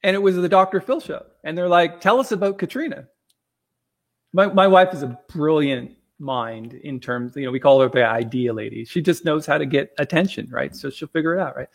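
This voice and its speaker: Middle-aged man, guest on a talk show, lively storyteller, slightly high voice. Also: brisk, gravelly, hardly any pauses. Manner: animated storyteller, acts out quotes.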